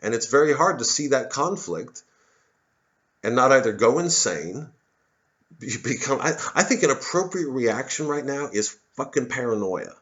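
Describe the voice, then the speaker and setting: A man's voice: mid-range voice, very animated, normal speed, a bit bright, lo-fi sound. A man, a satirist, delivering a rambling, sardonic monologue full of swearing. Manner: sardonic, swearing, mocks others in put-on voices. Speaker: comedian and satirist.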